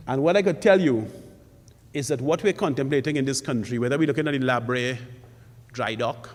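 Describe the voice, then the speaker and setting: A man's voice: mid-range voice, moderate pace. A man speaking as a forum panelist, emphatic and rhetorical, stressing points by repeating them. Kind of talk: public forum speech. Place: college forum hall. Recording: long hall reverb.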